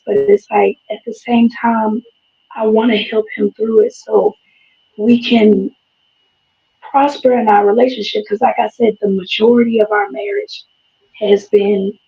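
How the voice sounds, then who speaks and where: A woman calling in to a live stream, hoarse from losing her voice and speaking hesitantly, often stopping to search for words. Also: on the high side, expressive, a little slow. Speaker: caller. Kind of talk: casual call-in chat. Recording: dull lo-fi stream audio.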